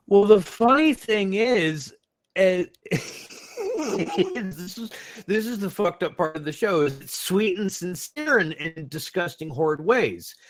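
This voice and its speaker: A man co-hosting a podcast, chatting in an animated way, often laughing and swearing casually while recapping episodes. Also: high voice, takes it slowly. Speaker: podcast co-host. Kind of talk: casual chat.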